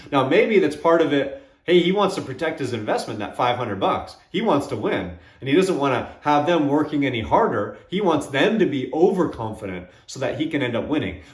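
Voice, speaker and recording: A man hosting his own channel, talking reflectively and retelling movie scenes with quick quoted voices. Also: mid-range voice, reverberant. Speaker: channel host. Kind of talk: reflective solo talk to camera.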